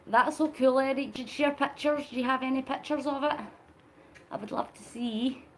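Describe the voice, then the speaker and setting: A woman's voice: sits high, steady tone, normal speed, a little hiss or hum. A woman hosting a late-night live stream, chatting with viewers and answering their comments while she cycles. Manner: talking while cycling on a long charity ride. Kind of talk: casual live-stream chat.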